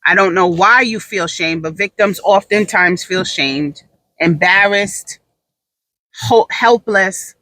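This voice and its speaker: A woman's voice: mid-range voice, slow pace, pushed and bright, no room sound, low-quality recording. A woman giving her candid opinions in a brash, profane, emphatic way, repeating phrases for emphasis and laughing easily. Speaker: podcast talker.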